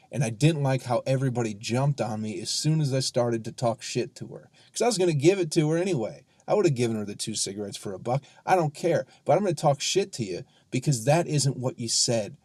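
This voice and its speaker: A man, a comedian hosting his own podcast, ranting heatedly and sarcastically with lots of profanity and drawn-out emphasis. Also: mid-range voice, mellow, no room sound. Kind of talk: ranting solo podcast monologue.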